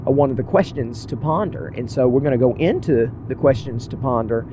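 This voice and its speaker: A podcast host talks casually and earnestly to his listeners while driving, rambling along and poking fun at himself. His voice is mid-range and fairly quick, with background noise in the recording.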